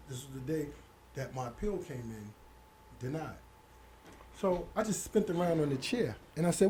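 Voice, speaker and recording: Middle-aged New man, higher voice. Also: animated, brisk, warm tone, a little hiss or hum. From Hollis, Queens, New York. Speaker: interview guest. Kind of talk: casual storytelling interview.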